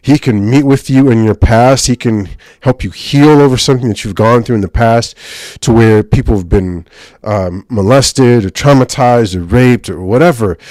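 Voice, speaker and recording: A man preaching informally about deliverance prayer. He gets excited, speaks in quick bursts and keeps checking in with "right?". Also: mid-range voice, no echo. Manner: excitable, rapid bursts, frequent "right?" tag questions. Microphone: handheld or stand mic, speaking to a live group.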